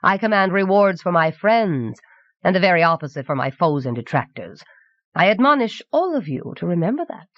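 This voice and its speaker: A woman's voice: fairly low pitch, big pitch swings, moderate pace, dry recording, highs cut off. A woman voicing a scheming twisted male sorcerer who gloats in a silky manner. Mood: gloating.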